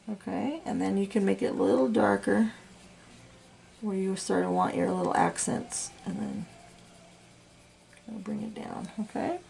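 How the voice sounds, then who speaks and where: A woman teaching a coloring lesson, talking through each step in a soft, chatty way with plenty of fillers. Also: mid-range voice, measured pace, creaky, pauses often, a little hiss or hum. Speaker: coloring instructor. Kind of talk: real-time art tutorial.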